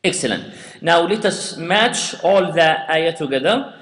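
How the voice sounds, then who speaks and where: Patient male recitation teacher, high bright voice, slow delivery, booming room reverb. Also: expressive. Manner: patient, repeats sounds for students to echo. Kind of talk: slow step-by-step tajweed lesson with recitation. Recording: echoey room with long reverb.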